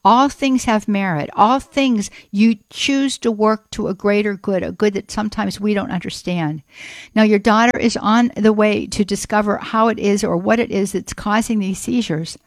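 A woman's voice: mid-range voice, moderate pace, no room sound. Woman radio host, fervent spoken prayer, dry close sound. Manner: earnest, fervent, repeats phrases. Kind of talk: spoken prayer and call-in chat.

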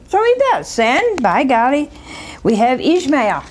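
Woman preacher, storytelling sermon, somewhat high voice, folksy asides. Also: big pitch swings, unhurried. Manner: chatty asides and rhetorical questions to the congregation.

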